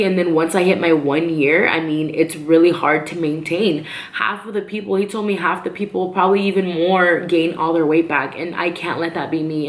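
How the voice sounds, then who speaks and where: A woman with a low voice talks openly to her camera in a casual personal vlog. She is chatty, with frequent ums and likes, and the room around her is echoey. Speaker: vlogger.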